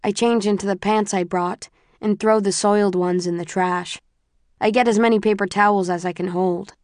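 A woman narrating a first-person audiobook in a measured, subdued way. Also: lowish voice, a little mellow, no room sound, studio quality.

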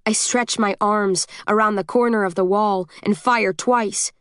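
Woman reading a first-person audiobook, steady and tense, dry close sound. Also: medium pitch, unhurried, clean tone, dry recording. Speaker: audiobook narrator.

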